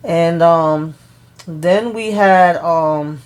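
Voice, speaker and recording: A woman with a notably low voice talks through a TV recap in a loose, chatty way. She leans on fillers like "um" and "you know" and keeps slipping in "she was like" as she retells each exchange. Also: extremely slow, a little mellow, clean tone. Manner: forgetful of names, laughs at herself. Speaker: TV recap vlogger. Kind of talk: casual episode recap.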